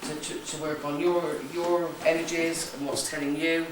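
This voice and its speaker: A woman's voice: deep voice, level tone, normal speed. West country woman running a ghost hunt, jokey and chatty, big echoey room, mic far off, some noise behind. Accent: West Country English. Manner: chatty, jokey, keeps checking with "okay?". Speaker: psychic ghost hunt host. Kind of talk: briefing a group on a ghost hunt. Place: large echoey room in an old building. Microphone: camera from a distance.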